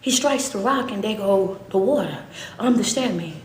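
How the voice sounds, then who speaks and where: A woman's voice: mid-range voice, expressive, normal speed. A woman motivational speaker giving a morning devotional, preaching emphatically and often checking in with her listeners. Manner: emphatic preaching with repeated "understand me" tags. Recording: roomy echo.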